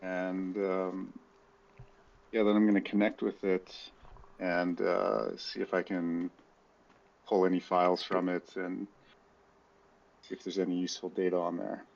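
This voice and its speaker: Casting note: low, gravelly male gamer, hesitant, muffled voice-chat sound. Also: little pitch movement, unhurried, long pauses, a little mellow. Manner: hesitant, many fillers. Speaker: player. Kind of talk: casual tabletop game play over voice chat.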